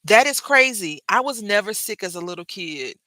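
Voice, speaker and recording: A woman's voice: mid-range voice, lively intonation, moderate pace, bright, forceful tone, dry recording, low-quality recording. A woman chatting to her viewers about her day while she works on a craft project, telling stories as she goes. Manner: chatty storyteller, drifts between crafting and anecdotes; talks to viewers directly. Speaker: craft vlogger. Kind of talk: casual chat while crafting.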